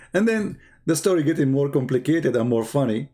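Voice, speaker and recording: A man's voice: fairly high pitch, a little mellow. A man with giving mocking, sarcastic commentary on video clips. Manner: sarcastic, repeats words for effect, non-native phrasing.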